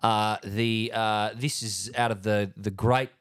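Male podcast co-host, low voice, dry close sound, halting and wry. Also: steady tone, fairly bright tone, clear, resonant tone, no echo. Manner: halting, dry joking asides. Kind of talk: casual sports chat.

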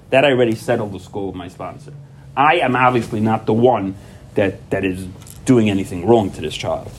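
A man who is a parent gives a personal talk at a recovery workshop. He tells stories with lively energy, acts out quoted dialogue, and often repeats himself and restarts sentences. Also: fairly low pitch, a little hiss or hum. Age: adult parent. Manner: animated storytelling, acting out quoted dialogue; frequent repetitions and restarts.

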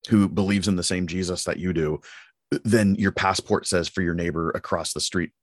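A man co-hosting a podcast, telling stories in an animated, affirming way in casual discussion. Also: sits low, normal speed, no room sound, clean studio sound. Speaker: podcast co-host.

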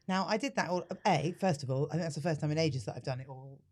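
Low-voiced British woman, wry co-host. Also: quick pace, few pauses, music in the background. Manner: wry, teasing, reads lists aloud. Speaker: podcast co-host. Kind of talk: casual chat.

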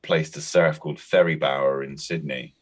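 A man's voice: a bass voice, steady tone, moderate pace. A Cornish man in his forties, a guest actor and comedian, chatting casually and telling anecdotes. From Cornwall. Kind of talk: casual chat.

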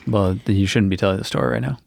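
A man co-hosting a podcast with dry, teasing humor, telling deadpan tall tales in casual chat. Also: fairly low pitch, rapid-fire, gravelly, no room sound. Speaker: podcast co-host.

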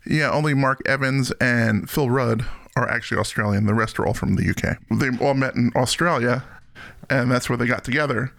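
A man's voice: medium pitch, a little fast, gravelly, a bit bright. A middle-aged man hosting a podcast, chatting casually and enthusiastically about music and laughing often. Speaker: podcast host.

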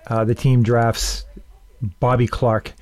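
A man's voice: mid-range voice, flat delivery, slow, darkish tone, no echo. Man hosting, asking wandering questions. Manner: brief affirmations and long wandering questions. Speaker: podcast host. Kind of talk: interview.

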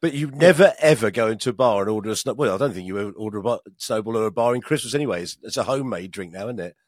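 A man's voice: on the low side, expressive, rapid-fire, no echo, studio quality. Chatty British man laughing often. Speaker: podcast co-host. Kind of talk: casual chat.

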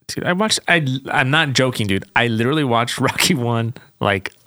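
A man's voice: mid-range voice, expressive, moderate pace, sharp tone, dry recording, studio quality. A man co-hosting a music podcast, chatting loosely and laughing easily. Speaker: podcast co-host. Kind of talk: casual chat.

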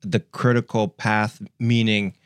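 A man's voice: lowish voice, little pitch movement, takes it slowly, clean tone, no echo. A young man who produces the podcast, chatting casually and easily about a book he is reading.

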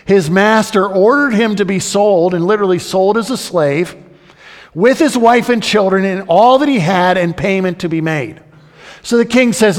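A man preaching a sermon, animated and acting out the voices of the story's characters. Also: high voice, moderate pace, big-room sound. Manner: animated, acts out the crowd and king in raised voices. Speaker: pastor.

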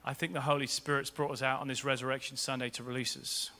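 A man's voice: medium pitch, level tone, quick pace, sharp tone. A man preaching a sermon as pastor in a church, rousing and rhythmic, calling his congregation to respond. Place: large church. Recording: long reverb of a large church hall.

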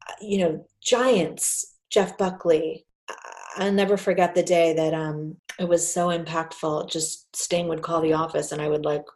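Casting note: woman, forties, animated storyteller guest, slightly low voice. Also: a little slow, a little hiss or hum. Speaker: podcast guest, PR agency founder. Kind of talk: casual storytelling interview.

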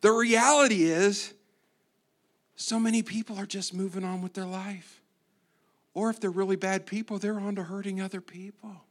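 A man preaching a sermon as a guest preacher, swinging between hushed asides and loud emphasis, with playful humor. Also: high voice, level tone, a little fast.

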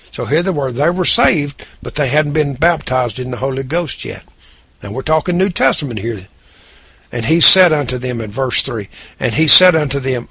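A man preaching with a gravelly, husky voice and emphatic delivery. He reads scripture slowly, then drives his points home. The sound is dry and close, with no room around it. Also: mid-range voice, expressive, pushed and bright, dry recording. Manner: emphatic preaching, reading scripture in King James wording. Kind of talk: sermon.

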